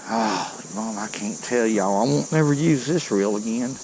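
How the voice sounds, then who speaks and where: A man, giving excited, folksy commentary to viewers while he fishes a creek outdoors. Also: on the low side, normal speed, slight background noise, low-quality recording. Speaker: fishing vlogger.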